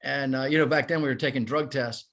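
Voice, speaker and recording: A man in his fifties, a former baseball player, telling animated, self-deprecating stories as a podcast guest. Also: medium pitch, quick pace, a little hiss or hum. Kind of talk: casual storytelling.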